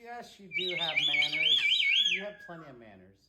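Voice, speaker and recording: A man talks to his pet bird at home in a playful, mock-scolding manner. His pitch leaps wildly up and down as he teases. The room is echoey and a loud background noise runs underneath. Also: huge pitch swings, normal speed. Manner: playful mock-scolding, sing-song talk to his parrot. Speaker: parrot owner. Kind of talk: casual chat to a pet bird. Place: home, indoors.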